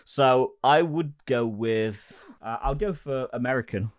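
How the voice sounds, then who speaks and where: A man's voice: medium pitch, a little slow, no room sound, clean studio sound. A man co-hosting a podcast in casual chat, teasing and cheeky. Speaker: podcast co-host.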